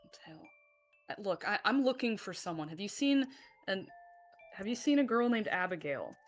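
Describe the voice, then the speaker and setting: A woman's voice: mid-range voice, expressive, moderate pace, faint music behind. A woman playing her character in a tabletop game, stammering, swearing and flustered. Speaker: player.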